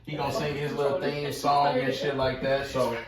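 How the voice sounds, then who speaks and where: A man hosting a podcast, who introduces the guest and cuts in with quick questions. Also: mid-range voice, over loud music. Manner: lively, laid back, interjecting. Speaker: podcast host. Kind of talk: casual chat. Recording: echoey room, mic far off, noisy.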